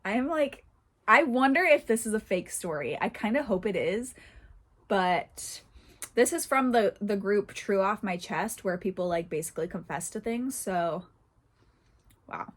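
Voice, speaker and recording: A woman hosts a casual channel and reads online posts aloud in a conversational way. She breaks into laughter now and then and jumps into animated asides, with her pitch sitting in an ordinary middle range. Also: a little slow. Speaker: horse channel host reading Reddit posts. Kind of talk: casual reading and commentary.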